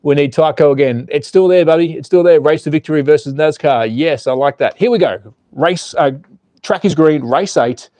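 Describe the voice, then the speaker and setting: High-voiced excitable race caller, a man. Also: moderate pace, no echo. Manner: excitable, rising to exclamations. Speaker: slot car race commentator and live stream host. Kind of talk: live race commentary.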